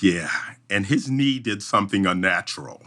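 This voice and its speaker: A man telling an animated story as a podcast guest, acting out voices and sound effects as he goes. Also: deep voice, moderate pace. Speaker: obstacle race emcee, podcast guest.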